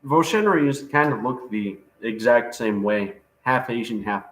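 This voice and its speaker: A man's voice: mid-range voice, lively intonation, a little slow, fairly bright tone. A man co-hosting a livestream in casual chat, joking, laughing often and trailing off with fillers. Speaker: livestream co-host. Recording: roomy echo.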